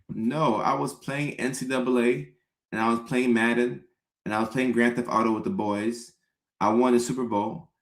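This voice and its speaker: A young adult man, a comedian, riffing in a comedic rant with animated storytelling and mock-pleading impressions. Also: medium pitch. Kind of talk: comedic live-stream rant. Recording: roomy echo.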